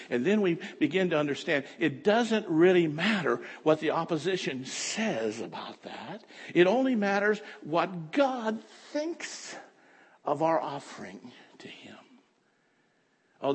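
A man preaching a fervent sermon that swings from quiet talk to shouting. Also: medium pitch, slightly rough. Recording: echoey hall.

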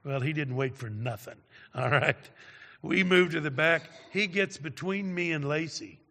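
In a large hall with long reverb behind him, a male preacher delivers a slow, deliberate sermon built around his own story. His somewhat high voice is bright, forceful, and gravelly, and he uses dramatic pauses, often tagging lines with "all right?" to check in with listeners.

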